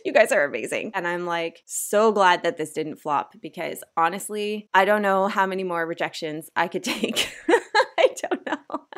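A woman's voice: fairly low pitch, moderate pace, hardly any pauses, a bit bright, clean tone. A woman from Canada, probably in her thirties, rambling casually through a vlog with lots of fillers and self-deprecating asides. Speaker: author vlogger.

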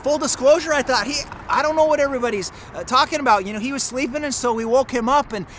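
A middle-aged man, a pastor, recounts a personal story during a sermon. His voice sits unusually high for a man, and he speaks earnestly, often restarting and repeating words as he goes. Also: quick pace, a bit bright, slight background noise.

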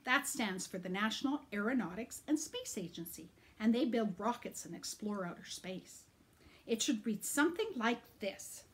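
A woman's voice: medium pitch, lively intonation, moderate pace. A woman reading a picture book aloud, narrating with animation, pointing out pictures and sometimes dropping to a whisper. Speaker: reader.

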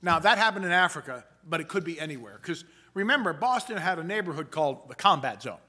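A man, a pastor, preaching a sermon in a measured, emphatic way and slowing down for quoted passages. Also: fairly high pitch, animated, pushed and bright, breathy edge. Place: church sanctuary.

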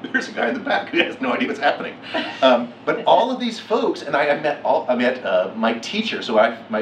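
A middle-aged man giving a keynote talk, telling a story with lively acted-out quotes. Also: medium pitch, slight background noise. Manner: animated, acts out quotes with laughs. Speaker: keynote speaker. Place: lecture hall. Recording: echoey hall from far off.

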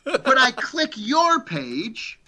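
A man putting on a high, excited voice to quote a teasing older rock star friend. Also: extremely slow, exaggerated voice.

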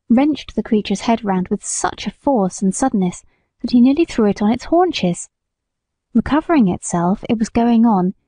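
Woman reading an old novel aloud, warm mellow voice, dry close sound. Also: on the high side, no echo. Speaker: audiobook narrator. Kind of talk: scripted narration.

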